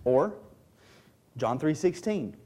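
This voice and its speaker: Male preacher, sermon delivery, slightly high and warm voice, emphatic scripture teaching. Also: big pitch swings, slow. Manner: emphatic, stresses key words, reads and explains scripture.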